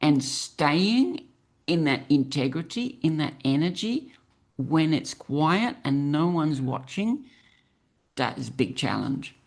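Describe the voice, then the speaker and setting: A woman in her sixties talks as an interview guest with a gravelly texture in her voice. Her intonation rises and falls expressively. She speaks earnestly and at a measured pace, often pausing on small fillers. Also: low voice, big pitch swings. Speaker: podcast guest. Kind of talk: reflective interview talk.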